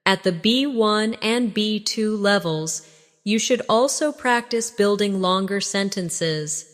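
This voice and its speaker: A woman narrating a scripted English lesson, leading slow repeat-after-me drills. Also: medium pitch, fairly bright tone, in a large hall. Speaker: English teacher.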